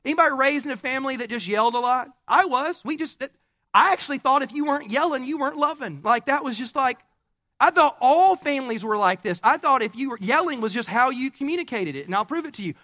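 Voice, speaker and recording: A man preaching a sermon, joking and conversational, with sudden loud bursts. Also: extremely high pitch, lively intonation, fast. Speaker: pastor.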